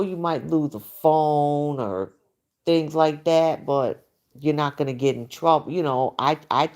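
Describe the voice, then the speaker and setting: A woman's voice: deep voice, a little mellow. A middle-aged woman hosting a late-night livestream, chatting bluntly and casually with viewers and reacting to their comments. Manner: blunt, chatty, frequent "you know". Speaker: livestream host.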